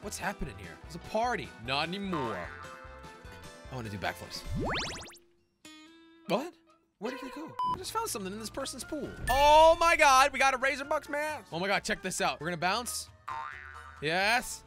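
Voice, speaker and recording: Young male gaming host, high and lively, jokey and excitable, soft game music underneath. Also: a little fast, pauses often. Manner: excitable, jokey, frequent laughs and shouts. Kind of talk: game commentary.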